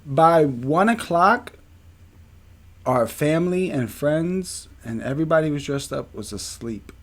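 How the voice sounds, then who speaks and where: A man, a podcast co-host telling a story in a casual, animated and profane way. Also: on the high side, a little slow.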